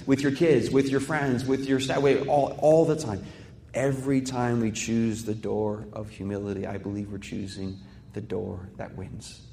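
A man's voice: fairly low pitch, little pitch movement, moderate pace, creaky, warm tone, a little hiss or hum. A male pastor preaching a sermon in a conversational way, with rhetorical questions and personal stories. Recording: echoey hall with long reverb.

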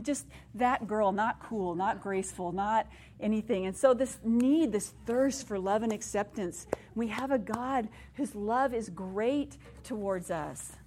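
Brief: woman, fifties, women's ministry speaker, animated storyteller who teases herself, sermon delivery. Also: on the high side, a little hiss or hum. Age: 50s. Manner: animated storyteller, self-deprecating humor, laughs while speaking.

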